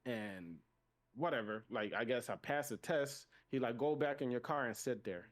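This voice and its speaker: A man with a non-native accent tells a story on a casual podcast. He acts out both sides of the exchange in a lively way. His pitch sits in the middle for a man. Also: moderate pace. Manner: animated retelling, acting out both sides of a conversation. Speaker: podcast co-host.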